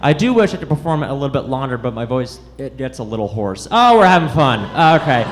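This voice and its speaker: A fast-talking comedian with a mid-range, very animated voice delivers an awkward, self-deprecating set on a comedy club stage. He stumbles over his lines intentionally. The live recording has loud audience noise.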